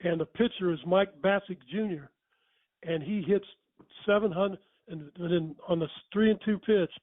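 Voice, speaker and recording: Older male storyteller, higher voice, chuckling asides, tinny dry phone-like audio. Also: normal speed, no room sound. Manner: rambling, self-correcting, chuckling. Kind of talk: casual storytelling.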